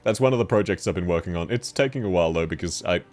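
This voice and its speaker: A man's voice: low-pitched, expressive, racing, a little mellow, faint music behind. A man with a cold, chatting casually on a livestream, reading chat and laughing often. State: sick with a cold. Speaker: VTuber streamer.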